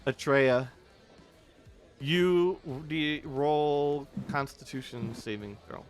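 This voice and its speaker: A man running a tabletop game as dungeon master, narrating with animated, shouty energy. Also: a little high, very slow, soft background music.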